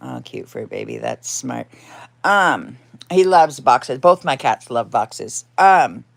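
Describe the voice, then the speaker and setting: A woman's voice: very deep voice, animated, takes it slowly, creaky, dry recording. A woman hosting a casual live chat from home, rambling and laughing often, now and then cooing baby talk at her cat. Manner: rambling, chatty, frequent laughs. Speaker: livestream host.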